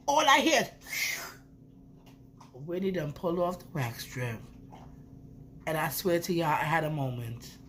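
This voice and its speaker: A woman's voice: lowish voice, big pitch swings, measured pace, pauses often, slight background noise. A young woman, telling a playful storytime vlog with swearing. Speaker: vlogger. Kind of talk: casual storytime.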